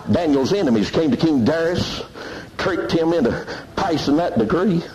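A man preaching a fiery revival sermon in church, shouting and laughing between exclamations. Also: fairly high pitch, lively intonation, normal speed, poor audio. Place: church service with congregation. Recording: loud crowd noise in church. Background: loud congregation responding.

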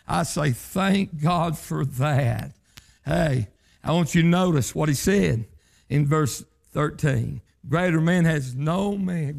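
Gravelly preacher man swinging high to low. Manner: chanting revival-style sermon, pitch leaping up to shouts then dropping low. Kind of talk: sermon.

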